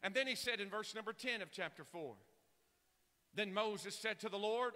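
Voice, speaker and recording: Kentucky preacher man, high bright voice, shouting then dropping low, big echoey hall. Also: moderate pace. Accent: Southeast Kentucky. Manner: impassioned preaching, swinging from shouts to low quoted asides. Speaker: pastor. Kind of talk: sermon.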